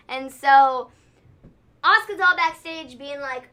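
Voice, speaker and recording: Woman co-host, high bright voice, rambling casual recap talk. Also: moderate pace. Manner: rambling, lots of "like" and "so". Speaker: podcast co-host. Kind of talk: casual wrestling recap chat.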